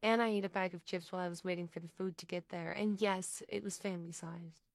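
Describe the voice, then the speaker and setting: A woman's voice: lowish voice, fairly even intonation, quick pace, dry recording, studio quality, lightly acted. A woman voicing a flustered, embarrassed woman. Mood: exasperated. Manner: quiet, hesitant, sometimes defensive.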